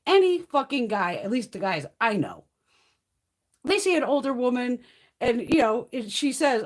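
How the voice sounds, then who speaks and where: A middle-aged woman chats through a makeup livestream in a loose, blunt way, dropping curse words and calling out viewers by name. Her pitch rises and falls a great deal as she talks. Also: lively intonation, brisk. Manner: chatty, blunt, swears freely; answers viewers' comments by name. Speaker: beauty livestream host. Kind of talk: casual livestream chat.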